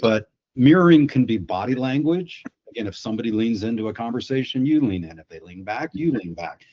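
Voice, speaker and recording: A man's voice: mid-range voice, animated, brisk, dull audio. A man on a video call explaining sales psychology through anecdotes, often restarting his words. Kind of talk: storytelling on a webinar panel.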